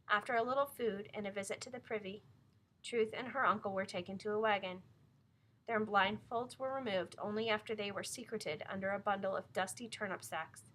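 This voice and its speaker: A woman's voice: mid-range voice, brisk, a bit bright. Woman reading a novel aloud. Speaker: narrator.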